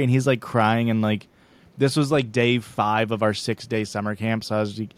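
A man's voice: lowish voice, little pitch movement, normal speed, dry recording. A young man co-hosting a podcast, telling rambling, self-deprecating stories in casual chat and laughing often. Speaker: podcast co-host.

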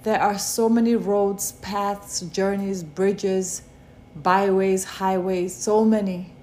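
A woman giving a devotional sermon, preaching slowly with many repeated rhetorical questions. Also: medium pitch, fairly even intonation, dark tone, a little hiss or hum. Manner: slow, repetitive rhetorical preaching.

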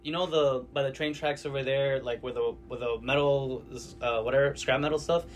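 A man in casual chat, excitable and profane, tossing in quick asides. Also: medium pitch. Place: comic shop.

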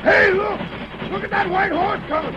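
A rattled shouting train engineer. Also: male voice, extremely high pitch, normal speed. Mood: excited. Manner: shouted hick speech. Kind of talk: 1930s radio drama acting. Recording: muffled old radio recording with loud train noise.

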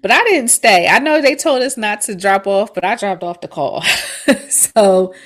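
A woman's voice: mid-range voice, moderate pace. Woman in her 30s on a podcast, chatty storytelling, lots of laughs. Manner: animated storytelling, laughs often. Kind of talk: casual chat.

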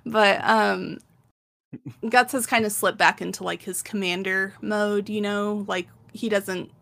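A woman's voice: mid-range voice, fairly even intonation, measured pace, vocal fry, a bit bright. A woman co-hosting a podcast, casually retelling a story in a chatty way and laughing often. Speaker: podcast co-host.

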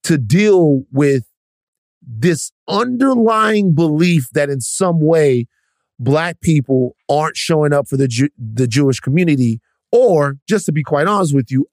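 A man's voice: medium pitch, a little mellow, no echo, clean studio sound. A man co-hosting a podcast, blunt and emphatic, swearing freely. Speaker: podcast co-host. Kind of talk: casual podcast discussion.

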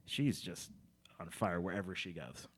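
A man's voice: low-pitched, breathy edge. A man hosting a casual comedy podcast in a studio, joking and teasing his co-host and guest. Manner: jokey, self-deprecating, quick asides. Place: radio studio.

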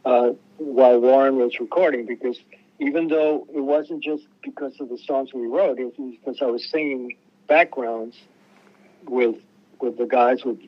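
A man's voice: mid-range voice, fairly even intonation, moderate pace, dull audio. Rambling man telling road stories. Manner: rambling, restarts a lot, acts out quoted voices. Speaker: musician guest. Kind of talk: casual storytelling interview.

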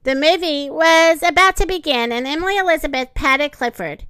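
A woman reading a picture book aloud in an expressive, sing-song way, close to the mic. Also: high voice, normal speed, dry recording. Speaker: storyteller.

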